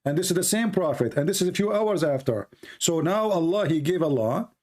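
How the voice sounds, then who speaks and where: Man, Arabic accent, fairly high voice, hoarse and coughing, insistent debate host. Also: expressive, brisk, a little mellow. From Middle East. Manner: pressing, repeats questions. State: losing his voice, coughing. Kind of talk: heated online debate.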